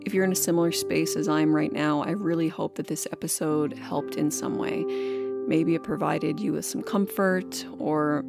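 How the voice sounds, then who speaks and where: A woman's voice: low-pitched, steady tone, normal speed, creaky, over loud music. A woman hosting a podcast, talking in a casual monologue, earnest and encouraging and swearing casually. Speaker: podcast host.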